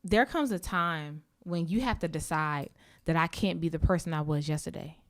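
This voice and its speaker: A woman's voice: deep voice, normal speed, a bit bright. A woman hosting a casual conversation, speaking in an earnest, reflective way. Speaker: host.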